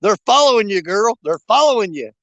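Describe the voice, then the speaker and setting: Older fishing host: high, lively voice with a bouncy pitch, joking and rambling with live viewers, laughing often. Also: male voice, a little fast, no room sound. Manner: jokey and rambling, laughs a lot. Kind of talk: casual live-stream chat. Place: outdoors at a creek.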